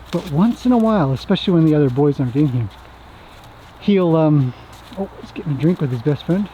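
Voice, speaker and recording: A man's voice: a little high, warm tone, slight background noise, low-quality recording. A man, a horse trainer, chatting casually as he works his horses outdoors and talks fondly to them. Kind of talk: casual commentary while working horses.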